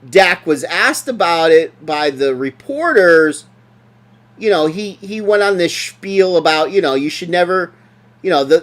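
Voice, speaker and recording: A podcast co-host in casual sports chat, ranting and mocking with lots of swearing. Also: medium pitch.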